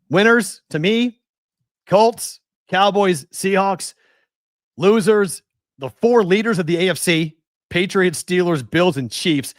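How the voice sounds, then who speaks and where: A man's voice: fairly high pitch, no echo, clean studio sound. A man in his forties hosting a sports talk show, ranting with exasperated rhetorical questions. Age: 40s. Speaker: sports betting show host. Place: West Coast.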